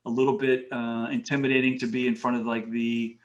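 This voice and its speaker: A man's voice: medium pitch, fairly quick, lo-fi sound. Storytelling man on a podcast. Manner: animated anecdotes with quoted voices. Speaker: podcast guest. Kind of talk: casual storytelling interview.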